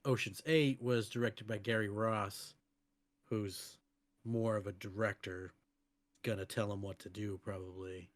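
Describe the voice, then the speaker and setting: A man with a lowish voice speaking in casual podcast chat. He lays out his point in a measured way and lets his sentences trail off. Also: steady tone. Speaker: podcast co-host. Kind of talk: casual film review chat.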